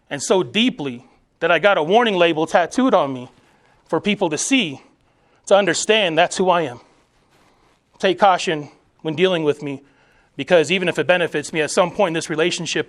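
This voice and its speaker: Emphatic high-voiced man giving a motivational speech. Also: a little fast, a bit bright. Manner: emphatic, declarative, preacherly. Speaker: motivational speaker, military veteran. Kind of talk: inspirational speech to soldiers.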